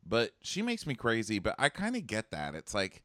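A man's voice: fairly low pitch, wildly swooping pitch, normal speed, fairly bright tone, no room sound, clean studio sound. A man co-hosting a casual chat, sarcastic and joking. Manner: sarcastic, jokey, lots of acted quotes. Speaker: podcast co-host.

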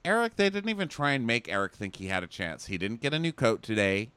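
A man's voice: mid-range voice, sing-song, quick pace, sharp tone, smooth, no echo. A man co-hosting a podcast, recapping a show in casual, sarcastic chat and mocking the people he quotes. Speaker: podcast co-host.

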